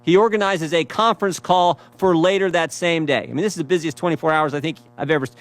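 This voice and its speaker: A man giving a prepared speech, reading out quotes and stressing points with repeated phrases and rhetorical questions. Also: fairly high pitch.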